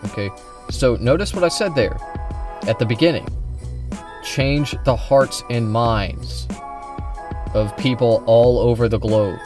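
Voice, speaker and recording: A man hosts a casual political livestream and argues heatedly with his viewers. His voice sits at an ordinary pitch and he talks straight at the chat. Music plays clearly in the background. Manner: combative, heated, addresses chat directly. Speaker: streamer.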